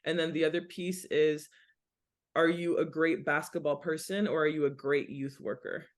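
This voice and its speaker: A young adult woman, a podcast guest, explaining her work in an earnest, conversational way and listing points in steady runs. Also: sits low, moderate pace. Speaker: basketball nonprofit director, podcast guest. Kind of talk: casual interview talk.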